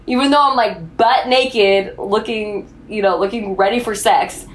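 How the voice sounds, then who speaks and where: A woman's voice: medium pitch, a little slow. A young adult woman co-hosting a podcast, telling a candid story in casual chat and swearing freely. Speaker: podcast co-host.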